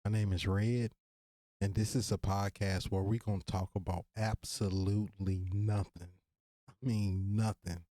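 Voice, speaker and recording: A man in his thirties with a Virginia accent speaks to his listeners in a solo podcast, casual and full of slang but sincere. His voice sits a little low and sounds warm and mellow. The sound is dry and close, with no room echo. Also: flat delivery, measured pace. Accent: Virginia, Southern US. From Virginia, USA. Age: 30s. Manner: casual, earnest, slangy, direct address to listeners. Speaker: podcast host.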